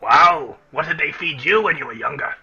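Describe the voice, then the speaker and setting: A man voicing a jolly, boastful dwarf employer who talks hearty and booming. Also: expressive, normal speed, pushed and bright, muffled recording, full character voice. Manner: hearty, booming, drops words like "me tab".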